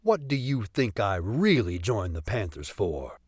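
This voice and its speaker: A man's voice: on the low side, sing-song, a little slow, husky, no room sound, studio quality. A man narrating a comic story in the first person for an audiobook, telling it expressively.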